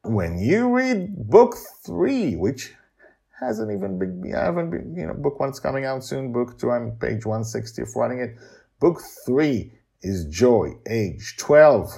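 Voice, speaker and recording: A man narrating his own serialized storybook podcast, with animated, rambling asides to listeners. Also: mid-range voice, gravelly, breathy edge. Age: older. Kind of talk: storybook narration and casual chat.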